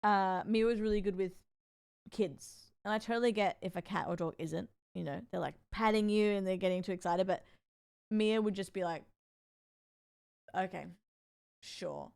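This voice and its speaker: A woman's voice: medium pitch, moderate pace, vocal fry, a little mellow, clean tone, no echo, clean studio sound. A woman streamer chatting casually with her viewers, gushing and cooing as she talks to them. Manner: gushing, cooing over cats, talking to chat. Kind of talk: casual live-stream chat.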